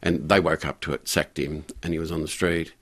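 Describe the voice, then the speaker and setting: An older man telling a story in a radio interview, halting with frequent restarts and fillers. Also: very deep voice, steady tone, fairly bright tone. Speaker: guest, community pastor.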